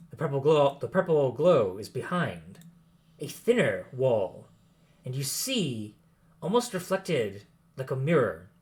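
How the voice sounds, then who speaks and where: Man game master, lively swinging pitch, descriptive narration, tabletop game.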